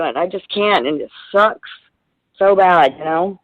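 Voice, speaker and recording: A woman's voice: medium pitch, normal speed, no echo, lo-fi sound. A middle-aged woman guest in a casual radio interview, talking in a rambling, heartfelt way with plenty of swearing.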